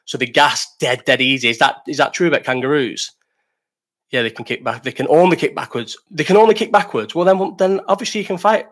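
A man's voice: medium pitch, brisk, fairly bright tone. A man hosting a casual live stream, reading chat questions, rambling, swearing and laughing.

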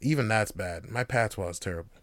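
Man, casual solo podcast, joking and swearing, lively pitch, smooth dry voice. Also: normal speed, dry recording. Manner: joking, swears, laughs often. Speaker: podcast host.

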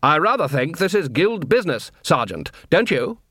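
A man's voice: a little high, animated, normal speed, fairly bright tone, no room sound, studio quality. A man voicing a cold, haughty male head clown who talks in an imperious, demanding way. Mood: commanding.

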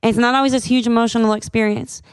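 Animated woman telling a faith story. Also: on the high side, very fast, clean tone, dry recording, studio quality. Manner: animated, acts out quoted voices. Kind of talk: casual testimony storytelling.

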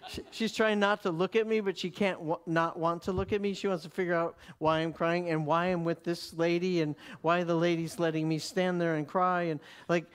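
A man preaching, telling a story in an animated way, laughing often and repeating words as he goes. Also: on the high side, normal speed, few pauses, smooth. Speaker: preacher teaching. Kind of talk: sermon storytelling.

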